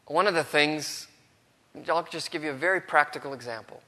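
Bright-voiced man preaching in a reverberant hall. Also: fairly high pitch, moderate pace. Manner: earnest, drops to a hush for quoted words. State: has a cold, throat strained. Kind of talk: sermon.

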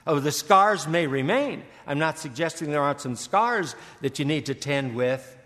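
An older man preaching a sermon, earnest, stammering and repeating words, slowing and swelling on key phrases. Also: a little high, animated, a bit bright. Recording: long hall reverb.

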